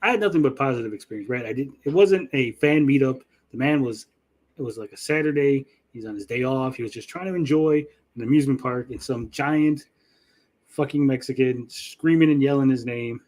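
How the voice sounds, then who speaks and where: Casting: middle-aged male podcast host, mid-range voice, swears freely, animated storyteller. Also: medium pitch, brisk. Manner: profane, animated storyteller acting out quotes. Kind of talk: casual storytelling chat.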